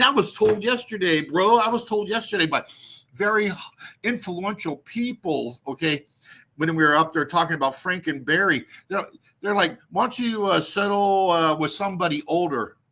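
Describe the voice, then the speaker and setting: Bright-voiced man ranting profanely. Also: a little high, slightly rough. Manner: profane, rambling, laughs at own jokes. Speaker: livestream host. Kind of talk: casual ranting livestream monologue.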